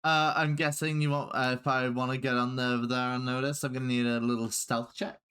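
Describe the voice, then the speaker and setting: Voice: medium pitch, flat delivery, fairly quick, a bit bright, clear, resonant tone. Rambling player scheming a sneaky plan. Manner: rambling, lays out plans at length. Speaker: player, rogue. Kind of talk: tabletop game play.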